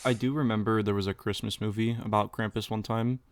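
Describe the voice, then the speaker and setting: A man's voice: fairly low pitch, fairly quick. A young man co-hosting a podcast, retelling a scene with crude swearing and lots of energy. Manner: excitable retelling, crude swearing, acts out quotes. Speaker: podcast co-host. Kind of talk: casual podcast chat.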